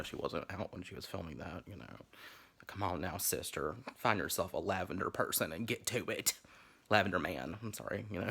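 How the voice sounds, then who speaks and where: A man with a Southern US accent and a husky voice, rambling sassily and a little tipsy in a casual vlog from his bedroom. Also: fairly low pitch, fairly bright tone. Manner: sassy, rambling, profane, frequent laughs. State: slightly tipsy. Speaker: vlogger hosting a drinking game.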